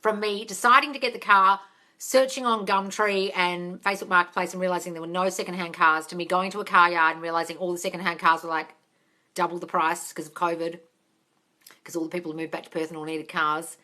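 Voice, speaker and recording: A young woman chatting casually on a livestream, answering viewer questions, excitable and swearing freely. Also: lowish voice, brisk. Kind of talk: casual live chat.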